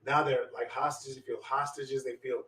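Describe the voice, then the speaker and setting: A man's voice: mid-range voice, little pitch movement, normal speed, fairly bright tone. A man from Michigan, a guest telling a story with emphasis, repeating phrases and laughing between his points. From Michigan, USA. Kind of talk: animated storytelling in a conversation. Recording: roomy sound from a distant mic.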